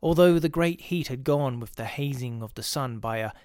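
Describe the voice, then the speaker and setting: A man narrating a ghost story in a measured, steady reading. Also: medium pitch, clear, resonant tone, dry recording, clean studio sound.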